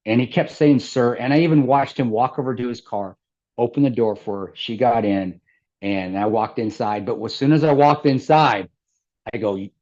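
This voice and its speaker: A man's voice: mid-range voice, moderate pace, a little mellow. Rambling middle-aged man, lo-fi sound. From American Midwest. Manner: rambling with restarts and laughter. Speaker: interview guest. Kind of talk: casual storytelling.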